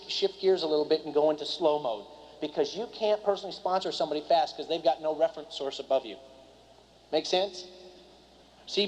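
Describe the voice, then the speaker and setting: A man giving a live seminar talk to an audience, talking rapidly and keeps quizzing the crowd. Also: on the high side. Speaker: seminar speaker and business trainer. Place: meeting room before a live audience. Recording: dull lo-fi recording.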